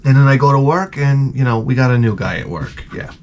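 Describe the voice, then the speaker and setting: A man telling a rambling, profane comic story with deadpan asides, as a vlogger. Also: medium pitch, a little fast, muffled recording, a little hiss or hum.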